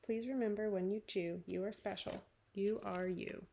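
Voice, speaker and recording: A woman's voice: mid-range voice, moderate pace, creaky, heavy background noise, close to an everyday voice. A woman voicing a big, hairy, earnest male bear who delivers cookies in a storybook read-aloud, singing and speaking his lines. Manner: sung and spoken storybook voice, earnest.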